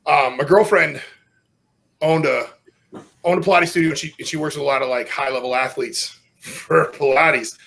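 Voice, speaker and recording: A middle-aged man, a strongman guest on a podcast, telling stories casually with lots of swearing and loud self-mocking outbursts. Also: a little high, moderate pace, vocal fry.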